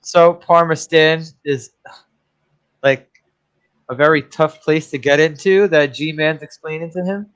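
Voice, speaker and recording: A man's voice: fairly high pitch, steady tone, a little slow, fairly bright tone, clean tone. A man co-hosting a casual movie-review podcast, rambling and sarcastic.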